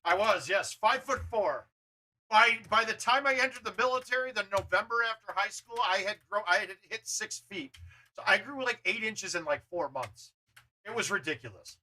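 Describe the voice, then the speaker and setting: A man hosting a gaming livestream, chatting casually, loud and blunt, swearing freely. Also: sits high, animated, moderate pace, low-quality recording. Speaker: livestream host.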